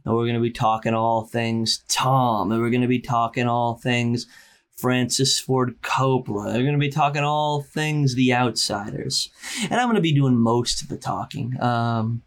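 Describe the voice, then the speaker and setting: Hushed, deadpan man doing a podcast intro. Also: mid-range voice, moderate pace. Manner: quiet, deadpan, self-mocking bragging. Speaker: podcast co-host.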